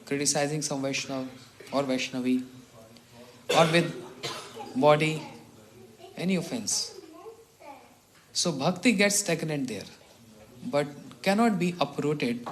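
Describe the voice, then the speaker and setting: Middle-aged monk, kinda high voice, tells stories, laughs and clears throat a lot. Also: male voice, slight background noise. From India. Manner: chuckles often, clears throat. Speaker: monk teacher. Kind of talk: storytelling morning talk.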